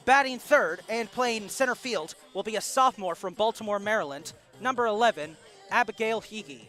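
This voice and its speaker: Soft music plays in the background as a high-voiced man calls play-by-play on a live college softball broadcast. He reads the lineups steadily, announcer-style, correcting his own slips right away.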